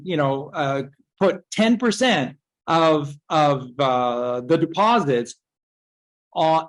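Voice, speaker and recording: A woman's voice: fairly low pitch, low-quality recording. Woman speaker, rambling lecture, emphatic with rhetorical questions, swears freely. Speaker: speaker giving a talk.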